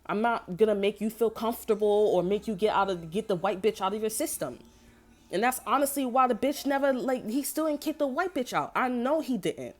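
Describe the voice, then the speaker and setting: A woman's voice: fairly high pitch, expressive, fairly quick. A woman tarot reader ranting to camera in a casual, heated and profane way, rambling from one point to the next. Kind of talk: casual unscripted rant to camera.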